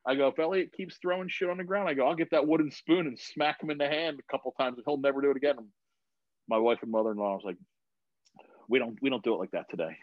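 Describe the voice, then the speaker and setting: A man in his thirties tells stories during a casual chat in his home garage, talking fast at a medium pitch, swearing freely and doing the voices of the people he quotes. There's no echo, but the sound is dull and slightly lo-fi.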